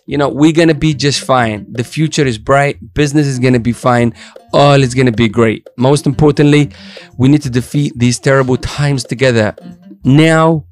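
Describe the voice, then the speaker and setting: A man's voice: mid-range voice, darkish tone. A man hosting a casual chat show from a studio, talking in a hyped, motivational, joking way. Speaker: show host.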